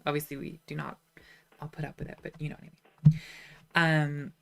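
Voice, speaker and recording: A woman's voice: low voice, little pitch movement, normal speed, vocal fry, long pauses. A woman chatting casually on a livestream, reading chat messages and answering with sarcastic asides. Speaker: streamer reading live chat.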